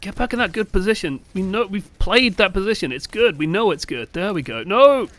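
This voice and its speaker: A young man coaching over gameplay footage, moving from calm breakdowns to exasperated outbursts and swearing bluntly. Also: sits high, fairly quick. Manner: swings from calm analysis to exasperated shouting. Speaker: game coach. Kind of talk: live-streamed gameplay review commentary.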